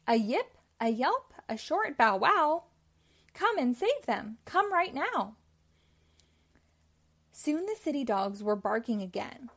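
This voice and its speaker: A woman reads a children's storybook aloud in a clear, expressive telling. Her voice is fairly high. Its melody rises and falls in a lively, animated way. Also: slow pace, long pauses. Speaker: storybook reader.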